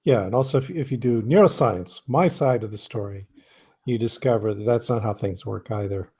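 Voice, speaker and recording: A man's voice: on the low side, normal speed, dark tone, breathy edge. A man, a biologist, talking emphatically and critically in a video call conversation. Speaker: blogger and biologist.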